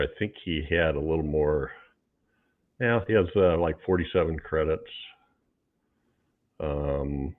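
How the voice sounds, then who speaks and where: A man co-hosting a film review podcast, talking hesitantly with many ums while he looks up cast details. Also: rumbling low. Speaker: podcast co-host. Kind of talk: casual film review chat. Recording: tinny phone-like line.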